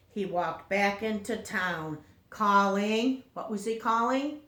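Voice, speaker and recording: A woman teacher reading a picture book aloud to children, slowly, often stopping to ask them questions. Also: mid-range voice, sharp tone, echoey room. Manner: slow, questioning storytime delivery.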